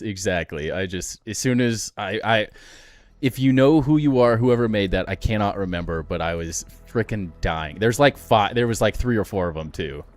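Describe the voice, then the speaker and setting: A man streaming a building game, talking casually with chat in a rambling way, laughing often and restarting his sentences. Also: on the low side.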